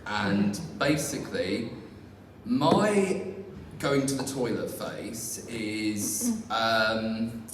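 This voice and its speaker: A man's voice: lowish voice, animated, very slow. A young man doing a live stand-up set, rambling and self-deprecating with many fillers and restarts. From England. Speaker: stand-up comedian. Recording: far-off echoey hall recording, faint noise.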